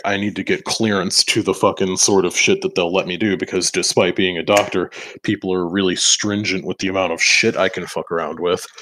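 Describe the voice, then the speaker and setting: A man with a low, fairly bright voice chats loosely while playing a tabletop role-playing game, moving in and out of character. He rambles, swears plenty, and laughs between lines.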